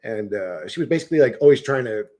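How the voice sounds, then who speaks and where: A man's voice: medium pitch, animated, quick pace, darkish tone. A man in casual conversation, telling a rambling, profane story full of restarts and asides. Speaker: podcast host. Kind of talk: casual chat.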